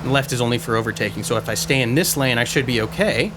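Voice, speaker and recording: A man's voice: medium pitch, animated, fast, background noise. A man giving rambling, self-mocking commentary over a game he plays at home, often stumbling over his words. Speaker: let's-play gamer. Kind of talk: casual gameplay commentary. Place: messy room at home. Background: loud car and game sounds.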